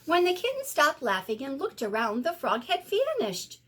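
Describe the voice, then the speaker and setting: Lively sing-song teacher reading aloud. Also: female voice, high voice, normal speed. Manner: sing-song, expressive storytelling. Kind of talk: reading a picture book aloud.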